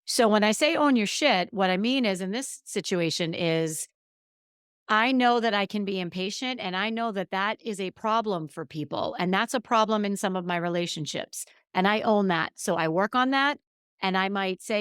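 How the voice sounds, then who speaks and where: A woman's voice: mid-range voice, moderate pace, fairly bright tone, clear, resonant tone, no room sound, studio quality. Candid New woman hosting a podcast. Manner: candid, emphatic, self-deprecating. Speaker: podcast host. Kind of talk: casual solo podcast monologue.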